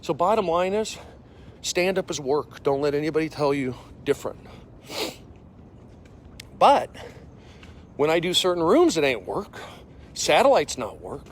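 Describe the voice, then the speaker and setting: A man in his forties, a comedian livestreaming from his phone while walking outdoors. He speaks in casual chat, reads viewer comments aloud, and coughs and clears an irritated throat. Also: on the high side, a little slow, long pauses, a little hiss or hum. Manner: animated, jumping from loud bursts to mumbled asides.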